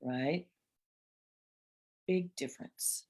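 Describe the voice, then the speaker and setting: A woman in her sixties with a low-pitched voice leads a spiritual coaching chat for a women's group. She speaks expressively and dramatizes inner voices. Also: drawn-out words, darkish tone. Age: 60s.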